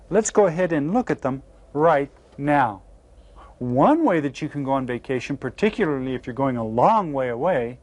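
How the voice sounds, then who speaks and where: A man teaching a beginner language lesson to children, slowly and patiently sounding out each word. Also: mid-range voice, darkish tone. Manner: slow, patient, carefully sounds out words. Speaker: Spanish teacher. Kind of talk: classroom video lesson.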